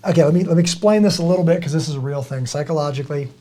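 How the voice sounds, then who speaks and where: Racing along in a slightly high voice, a middle-aged man hosts his podcast. He tells his stories earnestly and casually, animatedly playing out each quote he shares.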